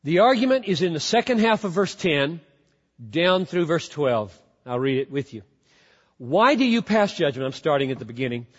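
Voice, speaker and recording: A man preaching a sermon as pastor, emphatic, repeating key words and swinging from loud to hushed. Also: fairly high pitch, very animated, normal speed. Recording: dull lo-fi sound with long hall reverb.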